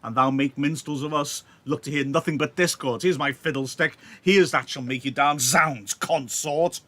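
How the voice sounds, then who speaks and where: A teacher voices Mercutio, a touchy young man who has just been insulted. The voice rises higher and louder in mock outrage, though it stays close to a reader's own voice. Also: fairly even intonation, normal speed, no echo. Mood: indignant. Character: hot-tempered young male Mercutio, taking offence.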